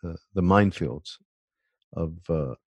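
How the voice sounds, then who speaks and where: A man in a casual spiritual conversation, speaking haltingly and searching for words with many restarts. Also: low voice, darkish tone, slightly rough, dry recording.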